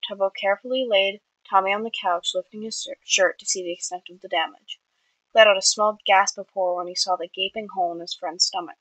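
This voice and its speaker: A woman reads her own fiction aloud at a middle pitch, in a plain manner with small slips and fixes. The recording is dry and close, with no room sound. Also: steady tone, fast, a bit bright, dry recording, rough recording. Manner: plain reading with small slips and self-corrections. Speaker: fiction reader.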